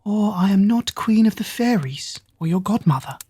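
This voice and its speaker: A woman voicing a kindly old fairy godmother who speaks in a feeble, croaking voice. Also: mid-range voice, expressive, moderate pace, mellow, pitched above the performer's own voice. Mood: commanding.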